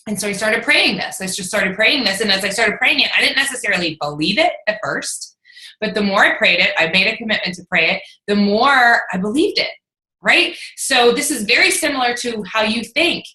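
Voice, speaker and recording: A woman fitness coach chatting casually, telling stories in an animated way and swearing freely. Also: mid-range voice, a little fast, roomy sound, rough recording. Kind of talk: casual chat recapping an event.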